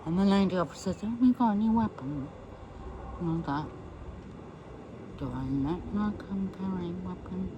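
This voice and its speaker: A woman's voice: on the low side, lo-fi sound, background noise. A woman recounting a personal ordeal as an interviewee, acting out what others said to her. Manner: slow recounting that acts out quoted speech. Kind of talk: personal storytelling.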